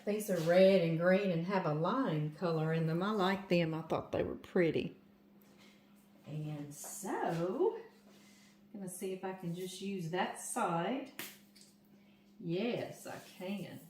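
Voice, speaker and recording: A woman's voice: on the low side, slow, long pauses, darkish tone, slight background noise. An older woman from Louisiana with a Southern US accent, chatting to her viewers while she decorates a cake in her home kitchen. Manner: chatty, talks straight to viewers as "y'all". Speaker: home cooking vlogger. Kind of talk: casual cooking demonstration. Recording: roomy kitchen echo.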